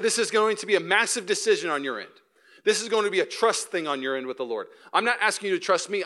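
A man preaching a sermon as pastor, animated and joking, often repeating and restarting words. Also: fairly high pitch. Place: church.

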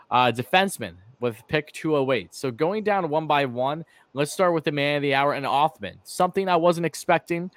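A man's voice: a little high, fairly bright tone, no room sound. A man hosting a casual live-stream sports podcast, chatty and run-on, with fillers and restarts. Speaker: podcast host.

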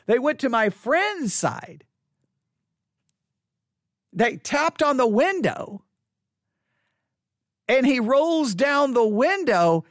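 Pastor preaching from the pulpit, animated and emphatic, dry close sound. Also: sits high, very slow, pauses often, dry recording. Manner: animated, rising to indignant emphasis. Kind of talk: sermon.

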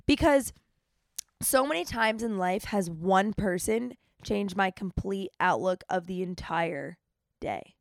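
A young woman hosting a podcast, telling stories in an animated, chatty way, with dramatic retellings. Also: medium pitch, slow pace, creaky, no echo. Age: young adult. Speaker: podcast host. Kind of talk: casual storytelling monologue.

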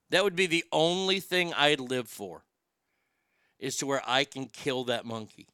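A man's voice: mid-range voice, lively intonation, unhurried, pushed and bright, smooth, no echo, studio quality. Profane man telling stories. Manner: profane, blunt, drawling storyteller. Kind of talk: casual comedic storytelling.

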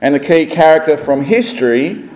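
A man hosting a church teaching series and interviewing a costumed guest in a measured presenter manner. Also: on the high side, animated, a little mellow, slight background noise. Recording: roomy echo.

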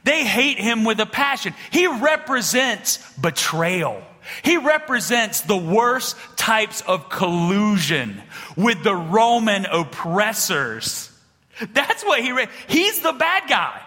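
Man, pastor, sermon in a big reverberant hall; bright, lively pitch, animated storyteller. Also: slow. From small-town rural upbringing. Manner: animated storytelling, swings between loud punchlines and hushed low passages.

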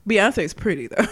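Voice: sits high, a bit bright. A co-host in casual chat, talking bluntly with lots of swearing and frequent laughs. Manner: blunt, profane, laughs often.

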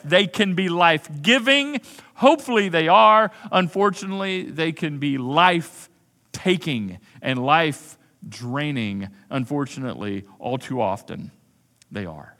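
A man preaching to a congregation in a large church, his bright, slightly high voice carrying a long hall reverb. He talks in a conversational, emphatic way, circling back to repeat key phrases. Now and then he drops into quick quoted asides. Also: lively intonation. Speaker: pastor. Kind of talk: sermon.

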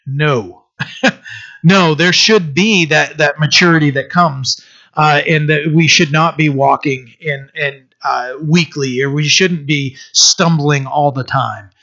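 A man preaching a sermon in a halting way, with many fillers and restarts. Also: a little high, sharp tone, dull audio. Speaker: pastor.

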